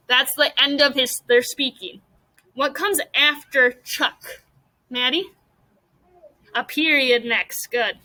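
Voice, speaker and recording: A young woman teacher with a high, bright voice runs a classroom mini lesson. She guides students patiently, step by step, calling on them with questions. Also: poor audio.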